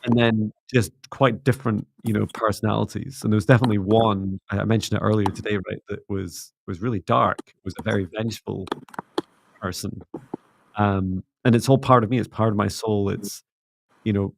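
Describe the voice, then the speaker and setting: A middle-aged man hosting a spiritual livestream, talking in a soft, gently meditative way. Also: fairly low pitch, fairly even intonation, moderate pace, gravelly, a little hiss or hum. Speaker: psychic mentor and livestream host. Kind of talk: casual livestream chat and guided closing.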